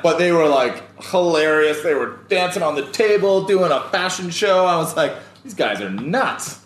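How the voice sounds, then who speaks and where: A man, a guest, telling a story in casual chat, animated and laughing often, jumping up in pitch whenever he quotes himself or others. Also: normal speed, slight background noise. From United States. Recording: roomy echoey sound.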